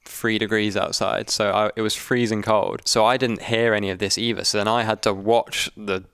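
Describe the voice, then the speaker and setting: A young man, a video editor, calmly explaining his editing choices with dry humour. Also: on the low side, normal speed, clean tone, no echo. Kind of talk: casual breakdown chat.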